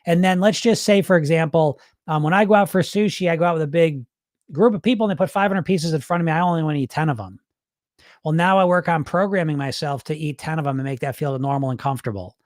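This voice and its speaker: Middle-aged male host, higher voice, dry close sound, blunt and profane, chatty. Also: fast talker, dry recording. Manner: candid, swears freely, acts out his inner voices. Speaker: weight loss hypnotist, show host. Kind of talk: casual livestream talk.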